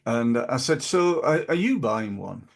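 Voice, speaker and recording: A man's voice: mid-range voice, sing-song, measured pace, vocal fry. A middle-aged British man hosting a podcast, talking through business advice casually, with lots of fillers and restarts. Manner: rambling, many fillers and restarts. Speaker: podcast host.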